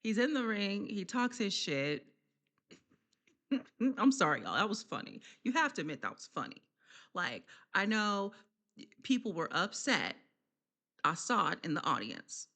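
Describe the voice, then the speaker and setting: A woman giving a casual, chatty wrestling recap vlog, laughing often and filling pauses with slang and ums. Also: mid-range voice, sing-song, pushed and bright.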